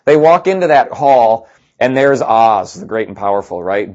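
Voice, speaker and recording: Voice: medium pitch, expressive, moderate pace, a little mellow, highs cut off. A pastor preaching a conversational sermon with sarcastic asides.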